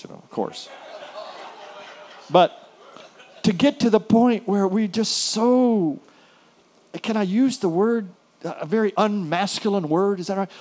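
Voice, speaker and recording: A man preaching a sermon as a pastor, telling a story with hushed, soft passages and sudden louder bursts. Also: high voice.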